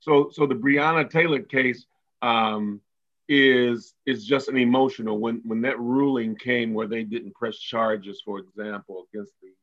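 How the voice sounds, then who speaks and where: A man's voice: mid-range voice, fairly even intonation, a little slow, a bit bright, lo-fi sound. A man speaking earnestly as a podcast guest, repeating words and using many fillers. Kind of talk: conversational interview.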